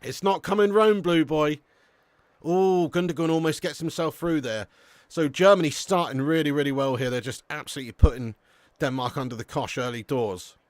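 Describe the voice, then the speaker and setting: The recording is dry, and the English man's mid-range voice runs a little fast as he hosts a live football watch-along. He calls the action, reads out the chat, and keeps things lively, addressing people as lad and mate a lot.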